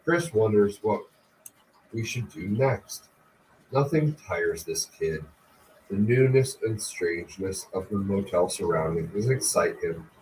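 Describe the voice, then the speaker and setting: A man, the host of a podcast, reading a book aloud slowly and deliberately. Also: sits low. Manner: slow, deliberate, even reading. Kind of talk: audiobook-style reading. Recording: distant mic with faint background noise.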